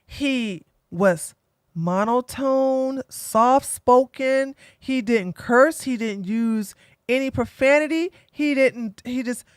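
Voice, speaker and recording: A woman giving blunt, opinionated commentary as an online streamer, animated and fond of mocking impressions. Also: sits high, slow pace, clean tone, no echo, clean studio sound.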